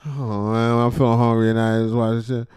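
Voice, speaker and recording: A man giving casual, profane reaction commentary, with loud outbursts and frequent laughter. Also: medium pitch, little pitch movement, brisk, smooth, no room sound, studio quality. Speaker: reaction streamer.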